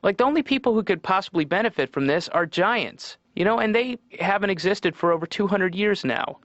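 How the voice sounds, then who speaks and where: A man's voice: high-pitched, lively intonation, a little fast, fairly bright tone, no room sound. A man doing a rambling, wry stand-up routine as a patient in a cartoon, heard as muffled lo-fi TV audio. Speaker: comedian patient.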